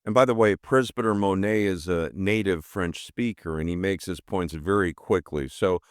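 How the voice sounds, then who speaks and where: A man's voice: deep voice, moderate pace, no room sound, clean studio sound. A man hosting a podcast, delivering scripted narration in an emphatic, rhetorical way. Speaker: podcast host.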